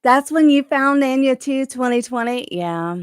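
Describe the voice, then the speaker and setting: A woman's voice: high-pitched, animated, a little slow, smooth, no echo, studio quality. A woman hosting a live crochet chat from her craft room at home, chatty, rambling and encouraging.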